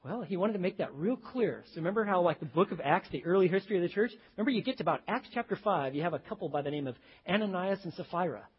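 Husky-voiced preacher in a sermon. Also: male voice, sits high, expressive, fast talker, hardly any pauses, dull audio. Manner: storytelling preacher with sudden loud emphasis. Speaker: pastor.

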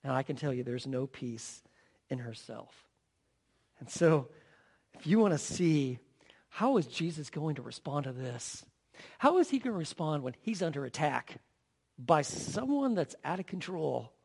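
A male pastor preaching with a high, lively voice that climbs and falls all over. He tells the story with drama, moves between loud lines and quiet ones, and keeps asking the listeners questions. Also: unhurried, creaky, husky. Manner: asks the audience rhetorical questions. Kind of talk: sermon.

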